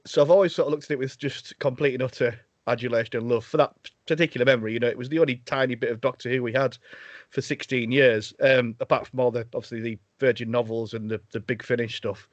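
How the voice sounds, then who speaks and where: A man's voice: medium pitch, steady tone, fast talker, no room sound. Hesitant man, dull sound. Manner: laughing, hesitant fillers. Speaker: podcast co-host. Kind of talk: casual chat.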